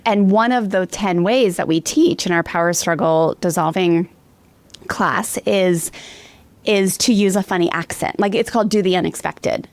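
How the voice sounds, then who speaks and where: A woman's voice: lowish voice, normal speed, no echo. A woman hosting a parenting podcast, talking in a casual, chatty way with lots of filler words. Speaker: podcast host. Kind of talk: casual interview chat.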